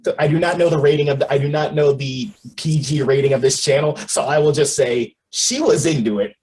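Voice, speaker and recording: A man chatting casually about a movie he reviewed, animated and laughing often as he acts out lines. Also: on the high side, brisk, poor audio. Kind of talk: casual chat.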